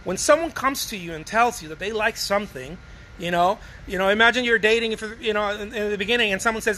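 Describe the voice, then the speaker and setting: A man giving a casual, energetic talk to fellow artists about selling, often calling listeners "baby" and acting out short dialogues. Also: high voice, quick pace, poor audio. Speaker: artist coaching other artists on sales.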